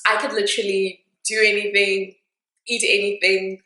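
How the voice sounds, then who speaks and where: A young woman talks to camera in a loose, candid vlog style, dropping plenty of fillers and side remarks. Her voice sits at an ordinary middle pitch for a woman. The room around her is noticeably echoey. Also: level tone, normal speed, sharp tone. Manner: chatty, candid, with frequent fillers and asides. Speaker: vlogger. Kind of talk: casual chat to camera.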